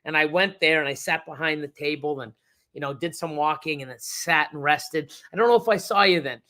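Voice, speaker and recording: A man's voice: a little high, brisk, pushed and bright. Rambling man chatting on a livestream. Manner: rambling, many fillers and restarts. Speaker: reptile breeder hosting a livestream. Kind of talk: casual livestream chat reading the chat.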